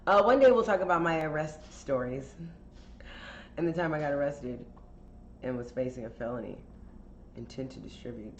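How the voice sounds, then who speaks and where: A podcast host with a low voice tells a casual story in a chatty, candid way, full of fillers and swearing, at a moderate pace with long pauses. The audio sounds roomy and somewhat dull, with a faint hiss in the background.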